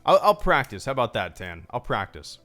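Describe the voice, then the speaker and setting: A man's voice: mid-range voice, big pitch swings, brisk, bright, forceful tone, soft background music. A man hosting a casual livestream Q&A with supporters, chatty and rambling, full of restarts. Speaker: YouTube channel host.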